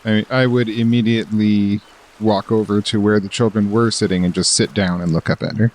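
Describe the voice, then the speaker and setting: A man's voice: lowish voice, steady tone, fairly quick, a little mellow, slight background noise. A man playing in a tabletop game, chatting in a playful, jokey way. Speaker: player. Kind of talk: casual chat in a tabletop game.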